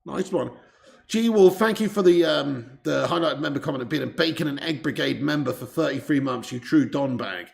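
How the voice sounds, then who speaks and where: A man hosting a live football watch-along, chatting casually, reading out viewer messages and swearing when he gets excited. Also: a little high, moderate pace, gravelly. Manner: excitable, swears, reads viewer chat aloud.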